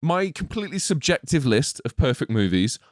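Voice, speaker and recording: A man co-hosting a movie review podcast, talking in an excitable, swearing casual chat and acting out scenes. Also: medium pitch, fairly quick, dry recording, studio quality. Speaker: podcast co-host.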